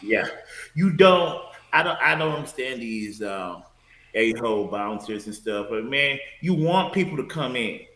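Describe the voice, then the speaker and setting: A man from Detroit, a former bouncer, chatting as a podcast guest in a relaxed, storytelling way. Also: mid-range voice, measured pace. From Detroit, USA. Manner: relaxed, storytelling, laughs easily. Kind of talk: casual chat. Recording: echoey room.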